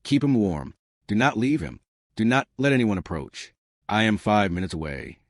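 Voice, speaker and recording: A man's voice: lowish voice, very animated, normal speed, dry recording, clean studio sound. A man voicing a cold crime boss father who gives short, curt commands, in a storybook narration. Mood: commanding.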